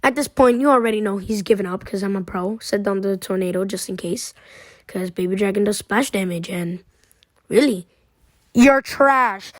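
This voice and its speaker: A woman's voice: mid-range voice, fairly even intonation, brisk, a little mellow, no echo, studio quality. A young woman giving casual, playful commentary on her own game, trash-talking her opponent as she walks through each move. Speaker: gaming commentator.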